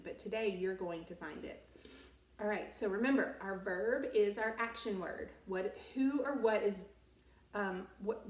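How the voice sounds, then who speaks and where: A woman's voice: medium pitch, far from the mic. Woman teacher, patient and encouraging with kids, recorded slightly off-mic in a roomy space. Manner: patient, encouraging, asks and answers her own questions. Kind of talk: remote grammar lesson for young children.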